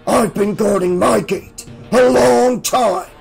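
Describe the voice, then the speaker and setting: A man voicing a cruel male dream-killer who growls, mocks and shouts his threats. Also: high voice, takes it slowly, creaky, breathy edge, faint music behind, voice pushed up, exaggerated voice. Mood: taunting.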